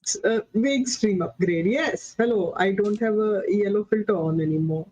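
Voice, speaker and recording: Deadpan woman player, muffled audio. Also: mid-range voice, moderate pace, no echo. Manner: dry, deadpan humor. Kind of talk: casual chat on a game stream.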